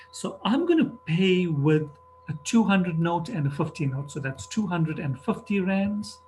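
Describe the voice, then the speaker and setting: A man, his voice sitting a little high for a man. He teaches at an unhurried, deliberate pace, explaining each step of the code as he types it, over a faint background hiss. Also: darkish tone. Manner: methodical, talks through each step while typing. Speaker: programming teacher. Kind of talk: screen-recorded coding tutorial. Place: at a computer, narrating over a screen recording.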